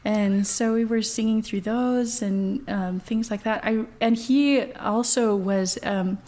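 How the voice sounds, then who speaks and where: Being interviewed as a guest, a voice professor in her thirties talks chattily with lots of fillers and easy laughter. Her voice is mid-range and dark in tone, with fairly even intonation and a slow pace.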